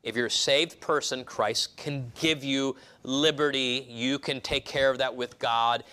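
A man's voice: mid-range voice, sharp tone, clean tone. A male pastor giving a casual, rambling sermon with many restarts and asides, acting out quoted voices.

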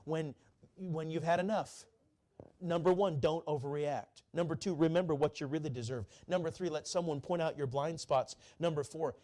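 A man preaching a sermon, fervent, who slows right down to repeat key lines and climbs to high, ringing peaks. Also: dark tone.

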